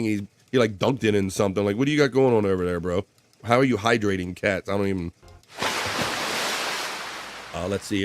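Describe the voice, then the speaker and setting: A man's voice: medium pitch, a bit bright, slight background noise. A man hosting a live stream, joking loosely and cursing often as he reads viewer comments and news stories aloud. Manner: loose, profane, joking banter with frequent laughs.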